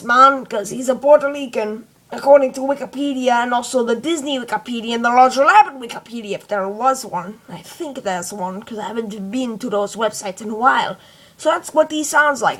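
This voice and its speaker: A woman's voice: on the high side, moderate pace, lightly acted. A woman voicing a laid-back male cartoon weasel, the gang's second in command.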